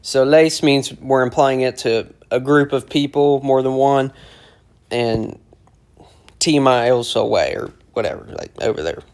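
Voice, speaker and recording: Slow, patient man explaining word by word. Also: medium pitch, a little mellow. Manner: slow, repeats phrases word by word while explaining. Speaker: language teacher explaining song lyrics. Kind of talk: casual lyric breakdown lesson.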